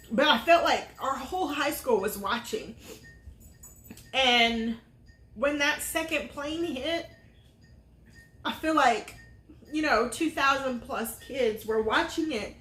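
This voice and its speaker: A woman's voice: on the high side, fairly bright tone. A middle-aged woman, a vlog host, telling a personal story in earnest with many fillers. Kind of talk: casual storytelling chat. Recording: roomy echo.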